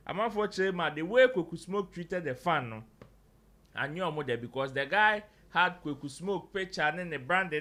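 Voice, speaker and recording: A man's voice: sits high, sharp tone. A Ghanaian man hosting a casual panel chat, mixing English and Twi and reading out viewer comments. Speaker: show host.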